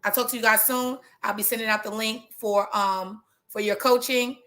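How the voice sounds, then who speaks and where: Animated woman with a fairly high voice. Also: moderate pace. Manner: animated storytelling, talks straight to her audience as "y'all". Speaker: trichologist and hair business coach. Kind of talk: motivational casual talk to viewers.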